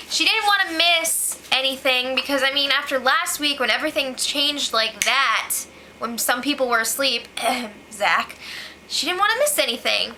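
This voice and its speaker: A young woman with a high, sharp, bright voice recaps a reality show in a loose, chatty way. She keeps slipping in "like" and often turns sarcastic. Her tone stays casual throughout. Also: expressive, moderate pace, slight background noise, poor audio.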